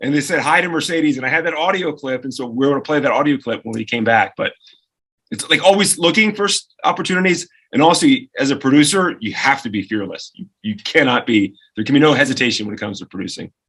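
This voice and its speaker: A man in his forties, a radio co-host telling lively stories as a podcast guest and acting out the people he quotes. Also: mid-range voice, fast talker, breathy edge. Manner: animated storyteller who acts out quoted voices. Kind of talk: lively anecdote-telling in conversation.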